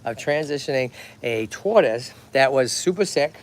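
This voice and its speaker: A mid-range male voice with lively intonation and normal speed comes through with a bit of hiss or hum. He's a tortoise rescue host from Lowell, Massachusetts, with a matching accent, livestreaming outdoors at a tortoise pond. He chats energetically and keeps checking in with "okay?" and "right?"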